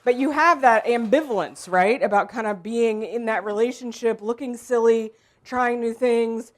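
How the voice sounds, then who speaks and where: A woman leading an improv workshop, explaining to a group in a relaxed way, with frequent ums. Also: fairly high pitch, normal speed. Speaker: workshop leader. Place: room with a group.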